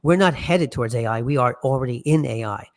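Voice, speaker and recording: A man's voice: medium pitch, a little fast. A man answering as a podcast guest, speaking confidently and often opening with "I mean". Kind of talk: casual interview answers.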